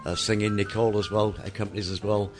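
A man's voice: on the low side, flat delivery, fast, faint music behind. A middle-aged man with a Mancunian accent co-hosting a casual radio chat, rambling and hesitant with many fillers. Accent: Mancunian English. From England. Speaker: radio co-host.

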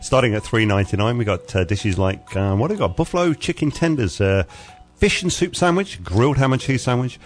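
A man's voice: medium pitch, sing-song, a little fast, hardly any pauses, soft background music. A middle-aged man hosting a casual radio show, teasing and jokey, laughing often. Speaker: radio host.

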